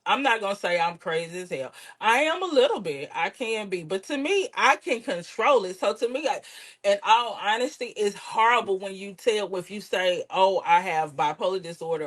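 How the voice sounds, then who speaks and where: A woman comedian, telling candid stories in a casual interview and acting out her relatives' voices. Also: mid-range voice. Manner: lively, swears, acts out relatives' voices. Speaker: comedian guest.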